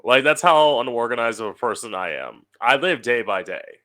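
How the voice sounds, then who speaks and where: A young man hosts his own podcast from home in a casual solo monologue, chatty and sardonic, swearing freely. His mid-range voice is animated and sharp, moving at a moderate pace.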